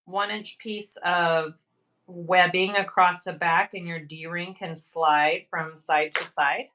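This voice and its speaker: A woman hosting a casual sewing livestream, upbeat and quick to praise, laughing often as she works. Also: fairly low pitch, fairly even intonation, pushed and bright, poor audio. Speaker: sewing channel host. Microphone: livestream camera mic.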